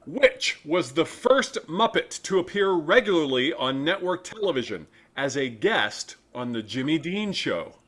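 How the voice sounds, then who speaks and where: A man runs a casual trivia game with friends, teasing them and laughing at his own jokes. His voice sits on the higher side and rises and falls a lot. He sounds like a playful game-show host. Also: sing-song, measured pace, few pauses, a bit bright. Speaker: quiz host. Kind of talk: game show hosting over video call.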